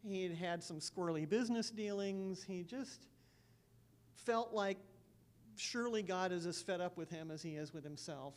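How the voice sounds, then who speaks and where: A woman pastor sharing earnest personal stories in a church sermon, with soft laughs between thoughts. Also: fairly low pitch, moderate pace.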